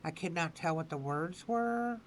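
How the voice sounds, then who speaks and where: A woman giving a spoken tarot reading, repeating her phrases slowly and with emphasis. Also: lowish voice, animated, a little hiss or hum, rough recording. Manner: slow, repetitive, affirming phrasing. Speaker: tarot reader.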